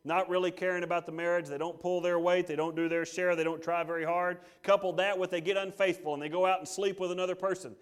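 A man preaching a sermon, emphatic, swinging between loud declarations and hushed asides, and reading scripture aloud. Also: high-pitched, flat delivery, fast talker, few pauses, clear, resonant tone. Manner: reads scripture aloud, voices God in quotes. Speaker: pastor.

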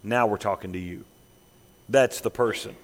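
A man preaching a sermon as pastor, emphatic, dropping to hushed, slow lines and rising again. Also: fairly low pitch. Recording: long reverb of a large hall.

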